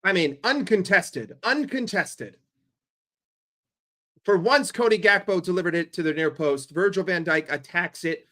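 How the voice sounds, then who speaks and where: Excitable, foul-mouthed New man. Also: sits high. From New York. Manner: profane, sarcastic and excitable, swinging from grumbling to yelling. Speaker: streamer hosting a football watchalong. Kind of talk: live football commentary.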